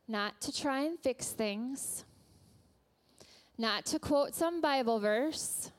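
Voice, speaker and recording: A woman who works as a nurse, giving an earnest, gentle sermon that she tells like a story in a church. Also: high voice.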